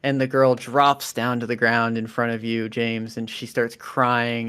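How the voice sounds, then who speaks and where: A man's voice: medium pitch, unhurried, clear, resonant tone. A man running a tabletop role-playing game as game master, explaining rules and narrating scenes. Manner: relaxed, explaining rules, many fillers.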